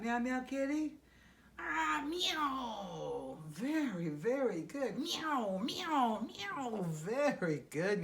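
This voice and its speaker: A woman hosting a children's puppet show, patiently explaining things to her puppet in a sing-song way. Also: fairly low pitch.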